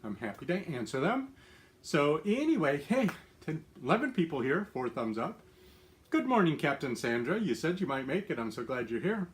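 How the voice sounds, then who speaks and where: A man's voice: a little high, very animated, moderate pace. A middle-aged man hosting a casual live stream from his home, chatty and upbeat, laughing often and using plenty of fillers. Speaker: lifestyle livestream host.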